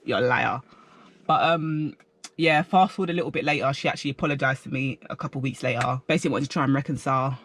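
A young man telling a story in a slangy, animated storytime vlog. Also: medium pitch, fast, no echo. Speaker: vlogger.

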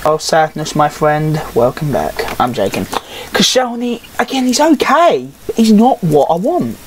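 A woman's voice: deep voice, very animated, a little slow, a little hiss or hum, poor audio. A woman giving casual, grumbling, sarcastic game commentary and swearing freely. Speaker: gaming YouTuber.

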